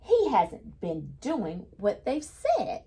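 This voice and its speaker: A woman's voice: mid-range voice, huge pitch swings, slow, dark tone, a little hiss or hum. A woman reading a picture book aloud to children, patiently stopping to explain each new word in simple terms. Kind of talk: children's read-aloud lesson.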